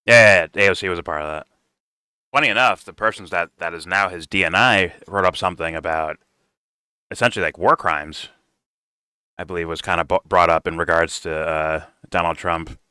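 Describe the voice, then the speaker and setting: A man's voice: low voice, moderate pace, long pauses, pushed and bright, clean tone, dry recording, studio quality. A man doing casual reaction commentary, blunt and profane, rambling and restarting his sentences. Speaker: reaction streamer.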